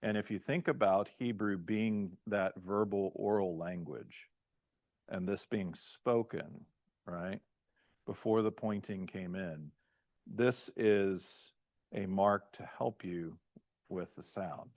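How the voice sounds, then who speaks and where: A man who is a pastor, teaching a class in a halting lecture style and often checking in with "right?" and "okay?". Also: low voice, a little mellow, dry recording. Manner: halting, restarts mid-phrase.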